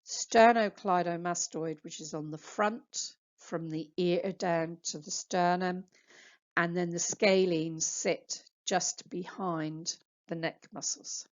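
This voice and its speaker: A woman therapist giving a slow, patient anatomy lecture on slides, spelling out muscle names for practice. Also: lowish voice, fairly even intonation. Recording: dull lo-fi sound.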